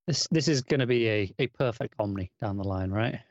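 Male co-host, rapid talker, lo-fi audio. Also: on the low side, no echo. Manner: quick, reasoning, asks for agreement. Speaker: podcast co-host. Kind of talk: casual comic book discussion.

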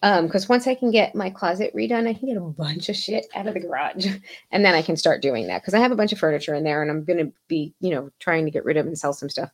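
On the low side and quick-paced, a female podcast guest chats in a loose, rambling way, swearing without restraint and breaking into frequent laughter.

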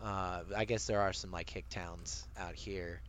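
A man co-hosting a casual podcast chat, animated, swearing casually and laughing often. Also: deep voice, unhurried, smooth. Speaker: podcast co-host. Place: lives near Maryland.

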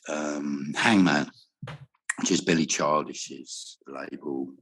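A man's voice: a bass voice, a bit bright. A man in a casual interview, telling rambling stories about music and travel, swearing freely and laughing often. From Wales. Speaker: guest musician.

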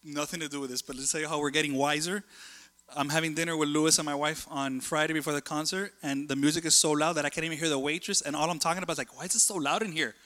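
Male preacher, conversational sermon, slightly high voice, reverberant hall. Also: fast. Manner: animated, conversational, jumps between stories.

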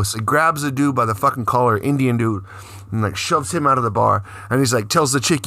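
A middle-aged man co-hosting a podcast, telling a story in a profane, animated way and acting out the quotes. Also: mid-range voice, fast talker, no room sound, clean studio sound. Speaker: podcast co-host. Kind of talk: casual storytelling chat.

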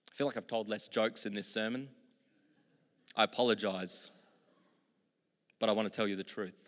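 A man preaching a sermon as pastor, moving between loud, emphatic proclamations and quiet, reflective asides. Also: on the low side, fairly even intonation, moderate pace, long pauses. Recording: long hall reverb.

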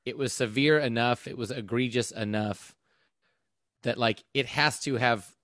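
Male podcast co-host, mid-pitched voice, dry close sound, relaxed and loose. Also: unhurried, no echo. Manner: relaxed, talks in loose run-on sentences. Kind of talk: casual chat.

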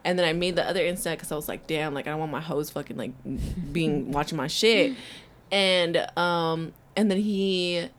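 A woman's voice: low voice, moderate pace, few pauses. A young woman co-hosting a podcast, telling a story in a profane, rambling way full of fillers. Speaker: podcast co-host. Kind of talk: casual chat, storytelling.

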